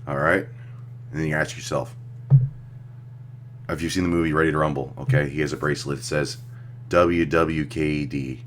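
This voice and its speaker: A man's voice: very deep voice, steady tone, normal speed, pauses often, slight background noise. A young man giving crude, sarcastic reaction commentary on a clip, rambling and joking.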